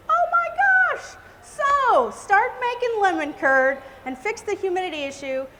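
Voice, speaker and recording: A woman's voice: high voice, a bit bright. A woman giving a live cake decorating demonstration, chatty and exclamatory. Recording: reverberant hall with faint noise.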